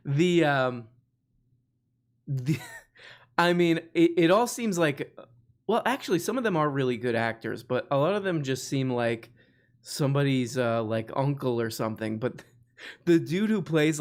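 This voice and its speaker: A man hosting a live stream, chatting loosely with many restarts and frequent laughs. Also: on the high side. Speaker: host. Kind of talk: casual live-stream chat.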